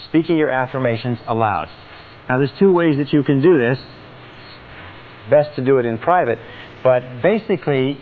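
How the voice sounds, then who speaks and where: Emphatic man giving a seminar talk. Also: mid-range voice. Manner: emphatic, repeats phrases with changing stress. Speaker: seminar speaker. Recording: tinny, phone-like with faint noise.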